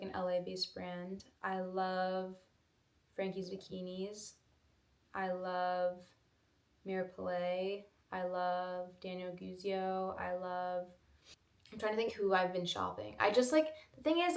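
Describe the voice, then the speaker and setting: A woman in her twenties talks casually to her viewers, rambling and filling gaps with "like." Her voice sits at a middle pitch. The room around her rings with echo. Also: vocal fry, a bit bright. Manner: chatty, rambling, lots of "like". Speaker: vlogger. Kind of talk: casual Q&A chat. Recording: echoey room.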